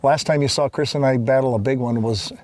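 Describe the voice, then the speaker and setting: A man's voice: mid-range voice, fairly even intonation, fairly quick, a crowd in the background. A man hosting a fishing show from a boat, folksy and enthusiastic, talking to viewers as folks. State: out of breath after lifting fish. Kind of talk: outdoor fishing show banter. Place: on a boat out on a lake.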